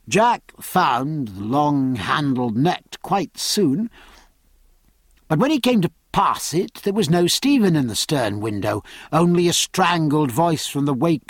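A man's voice: a little high, lively intonation, slow pace, no echo. Dry, close male audiobook narrator.

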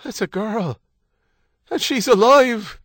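A man reading an audiobook, voicing a calm, steady husband who gives firm, reassuring instructions. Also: medium pitch, normal speed, dry recording, studio quality, pitched above the performer's own voice, natural voice. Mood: urgent. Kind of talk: audiobook character voice.

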